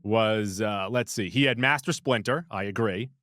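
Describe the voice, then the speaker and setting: With a fairly low, bright, forceful voice at normal speed, this movie podcast co-host keeps the casual chat playful, joking and listing things off rapidly. It's recorded cleanly in a studio with no echo.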